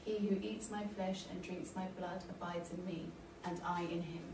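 A woman's voice: on the low side, steady tone, moderate pace, background noise. A woman from the audience reading scripture aloud carefully. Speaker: reader in the audience. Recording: echoey church from far off.

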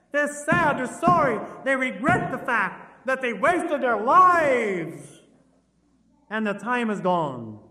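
A man's voice: extremely high pitch, a bit bright. A man preaching a sermon, pleading urgently and repeating words for emphasis. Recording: reverberant hall.

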